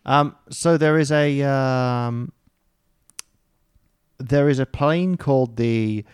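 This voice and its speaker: A man's voice: medium pitch, slow, clean tone, dry recording. Rambling man, dry close sound. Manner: rambling, hesitant, swears casually. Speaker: podcast co-host. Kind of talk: casual chat over beers.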